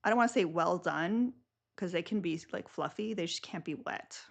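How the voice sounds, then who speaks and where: A woman's voice: on the low side, moderate pace, creaky. A young woman hosting a live stream, chatting casually and rambling with lots of filler words.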